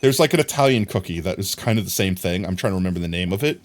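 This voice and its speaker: A man's voice: low voice, expressive, rapid-fire. An American man livestreaming a game from home, rambling casually and talking to his chat. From United States. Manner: rambling, chatty, talks to chat and reads it aloud. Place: home room with his dog.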